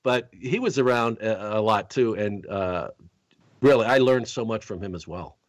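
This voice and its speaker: A man with a lowish voice hosts a casual podcast from a close mic. He tells stories in a rambling way, restarting his sentences often, in a dry room. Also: moderate pace, no echo. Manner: rambling, many restarts, chatty. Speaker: podcast host.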